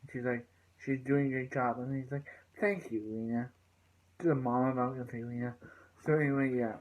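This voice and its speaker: A man's voice: medium pitch, steady tone, normal speed, muffled recording. A man giving a loose, rambling recap of a TV episode as a reviewer, with lots of "so yeah" fillers as he paraphrases what the characters say. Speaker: TV show reviewer.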